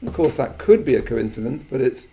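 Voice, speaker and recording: A middle-aged man from England giving a reflective Buddhist talk, halting and full of restarts, with quiet trailing asides. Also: mid-range voice, very animated, slight background noise.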